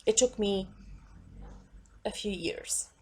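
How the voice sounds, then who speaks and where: A woman's voice: mid-range voice, slow, a little hiss or hum. A woman vlogger at home, ranting in an exasperated, emphatic way and swearing freely.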